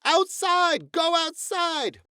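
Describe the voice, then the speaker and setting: A man voicing a frantic, superstitious farm mother who shouts in panic in a storybook reading. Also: very high-pitched, animated, slow pace, voice pushed up, exaggerated voice. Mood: panicked.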